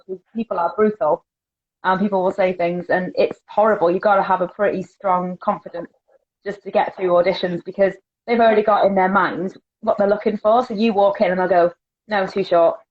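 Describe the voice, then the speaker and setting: A woman's voice: mid-range voice, fairly even intonation, a little fast. Woman, podcast guest, chatty and candid, laughs easily, muffled lo-fi recording. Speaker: curve model, guest. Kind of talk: casual podcast chat. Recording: dull lo-fi sound.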